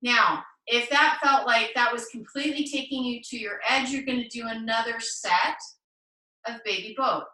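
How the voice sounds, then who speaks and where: Bright-voiced woman teaching yoga online. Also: on the high side, moderate pace, echoey room, far from the mic, poor audio. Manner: gentle, encouraging cueing with playful asides. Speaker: yoga instructor. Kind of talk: live online yoga class instruction. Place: home room, on a video call.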